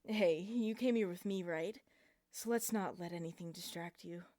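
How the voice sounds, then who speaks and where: A woman's voice: medium pitch, fairly even intonation, moderate pace, natural voice. A woman voicing a troubled young man in a fan fiction reading, speaking in a strained, cold tone. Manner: strained, quiet, then cold. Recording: very echoey room.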